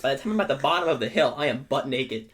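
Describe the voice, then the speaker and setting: A young man co-hosting a podcast, telling a story in a casual, animated way with frequent check-ins to his listener. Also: medium pitch, quick pace, over a noisy crowd. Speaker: podcast co-host.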